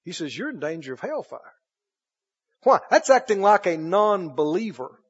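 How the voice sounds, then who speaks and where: Husky-voiced preacher man in a hall. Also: high-pitched, sing-song, moderate pace. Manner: emphatic, swinging from loud to hushed. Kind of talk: sermon. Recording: dull echoey hall recording.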